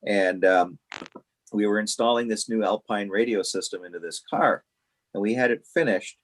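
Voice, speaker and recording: A man telling a story on a casual podcast, animated and laughing as he goes. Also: fairly low pitch, normal speed.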